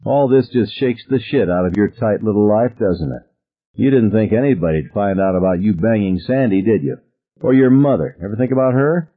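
A man's voice: fairly low pitch, expressive, moderate pace, phone-quality sound. A man voicing a crude teenage boy who taunts with a sneer. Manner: sneering and vulgar.

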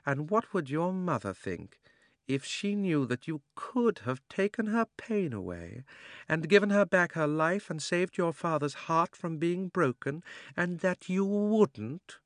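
A man's voice: high voice, fairly bright tone, no echo, clean studio sound, voice pushed up. A man reading an audiobook, voicing a cold, cunning sorceress who coaxes and scorns, her voice sometimes sinking to a whisper. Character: cold tempting sorceress queen, fierce and cunning.

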